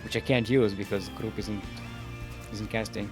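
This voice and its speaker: A man's voice: fairly low pitch, steady tone, moderate pace, darkish tone, soft background music. A man casting a live esports match as play-by-play commentator, playful and giggly, joking between calls. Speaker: esports caster.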